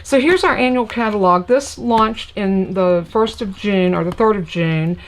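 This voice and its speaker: In a medium-pitched voice and at a measured pace, an older woman from the US South chats folksily on her live crafting stream. As the channel's host, she greets her viewers by name.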